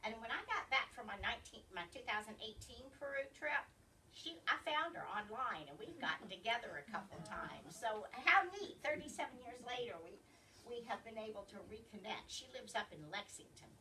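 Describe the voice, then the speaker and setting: Southern woman, library travel talk, bright lively delivery, recorded from a distance with faint hiss. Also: a little high, fairly quick. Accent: Southern American. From American South. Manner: chatty, digressive, often loses her place. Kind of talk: informal slide presentation. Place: library meeting room.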